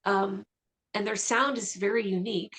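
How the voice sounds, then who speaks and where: A woman vocalist talking as a guest in a radio interview, chatty and enthusiastic with quick asides. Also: mid-range voice, steady tone, fairly bright tone.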